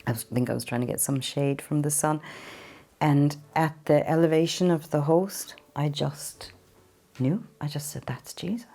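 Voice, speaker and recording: A woman from Ireland giving an earnest, halting personal testimony in an interview, sometimes emotional. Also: low voice, steady tone, dark tone. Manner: earnest, halting storytelling with restarts. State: emotional at times. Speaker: interview guest.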